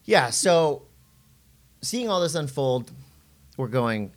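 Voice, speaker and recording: A middle-aged man co-hosting a casual podcast, telling surf stories with animation and jumping into a high voice when he quotes people. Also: sing-song, takes it slowly. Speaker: podcast co-host and surf commentator.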